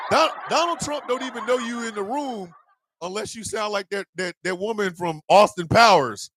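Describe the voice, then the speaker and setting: A man hosting a radio morning show, telling a profane comedic rant in a loud, animated way. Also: high voice, moderate pace, slight background noise. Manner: loud, animated, profane storytelling with mock voices.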